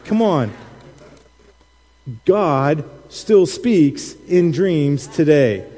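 A middle-aged male pastor preaches in an animated storytelling way, laughing and acting out quotes. His voice is fairly high for a man, with a mellow, soft tone, and a long reverb trails after his words in the large room. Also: drawn-out words. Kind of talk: sermon with personal storytelling. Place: church sanctuary.

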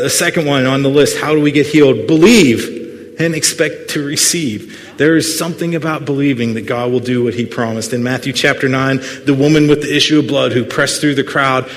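A man preaching a sermon as pastor, earnest but full of playful jokes and asides to the congregation. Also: mid-range voice. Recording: long hall reverb.

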